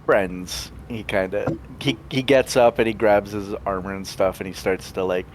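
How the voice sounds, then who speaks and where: A man's voice: lowish voice, fairly even intonation, normal speed, slight background noise. A man playing a tabletop game, describing his character with many hesitant restarts. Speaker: tabletop player.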